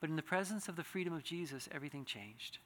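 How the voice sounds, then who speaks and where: A man's voice: a little high, animated, fast talker, fairly bright tone. A man preaching a sermon, earnest and building to impassioned pleading, with frequent restarts. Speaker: pastor. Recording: reverberant hall.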